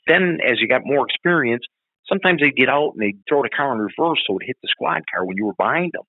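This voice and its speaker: Casual guy, ex-cop, swears a lot, husky low voice, sounds like a phone call. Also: fast talker, no room sound. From Chicago. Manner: blunt, profane, animated storyteller. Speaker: interview guest, former police officer. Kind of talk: casual storytelling. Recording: tinny phone line.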